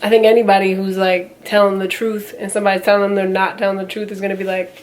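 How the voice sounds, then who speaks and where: A woman's voice: mid-range voice, flat delivery, quick pace, darkish tone, a little hiss or hum. A young woman in her twenties telling a story in a casual vlog, chatty and full of quoted back-and-forth, with a slightly nasal tone. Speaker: vlogger.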